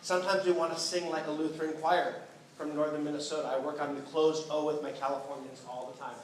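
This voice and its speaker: A man coaching a choir in rehearsal, lively and playful, encouraging the singers. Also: on the high side, fast. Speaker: choir clinician. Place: large school auditorium. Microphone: distant room mic. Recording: echoey hall, distant mic, noisy.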